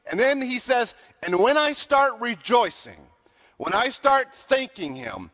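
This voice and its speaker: A man preaching a sermon in earnest, slowing down to stress his points, in a large hall. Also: very high-pitched, very animated, a bit bright. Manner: earnest, slows down to stress lines. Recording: dull sound with long hall reverb.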